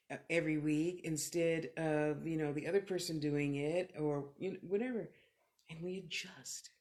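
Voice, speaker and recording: A low, darkish-toned woman's voice belongs to a middle-aged Californian clairvoyant medium. While live-streaming motivational talk and readings, she fields viewers' questions in short, reflective, candid bursts and swears freely.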